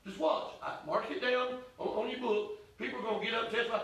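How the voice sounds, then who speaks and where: High-voiced preacher in echoey church. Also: male voice, fairly even intonation, fast talker, few pauses, recorded from a distance. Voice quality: folksy, emphatic. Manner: voices Elijah's complaints in first person, rising to shouts. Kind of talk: sermon.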